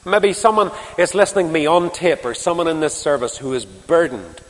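A Northern Irish man delivers an impassioned sermon in a fairly high voice. He climbs to loud emphasis, then drops to quiet asides. A long hall reverb trails every phrase. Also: expressive, fairly quick. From Northern Ireland. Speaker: preacher.

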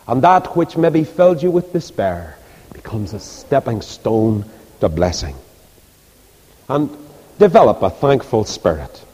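A man preaching a sermon with passion, rising to high, loud peaks and dropping soft again. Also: big pitch swings, measured pace, slightly rough. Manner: impassioned, rises to loud high peaks, then drops soft. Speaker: preacher and Bible class leader. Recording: long hall reverb.

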